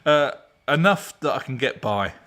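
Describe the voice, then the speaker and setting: A man's voice: mid-range voice, animated, moderate pace, a bit bright. Chatty man in his garage. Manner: rambling, chatty, laughs often. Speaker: garage channel host. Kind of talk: casual live-stream chat. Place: home garage.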